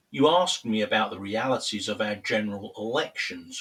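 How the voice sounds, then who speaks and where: A man with a Cockney accent and a cold, reading a prepared political monologue in a measured, formal, grave manner. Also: on the low side, expressive, fairly bright tone, distant mic, poor audio. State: has a cold. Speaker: political commentary host.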